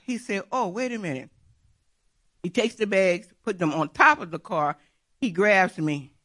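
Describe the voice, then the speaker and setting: A middle-aged churchgoer gives a personal faith testimony in a medium-pitched voice that's pushed and bright. Her storytelling is earnest and repetitive.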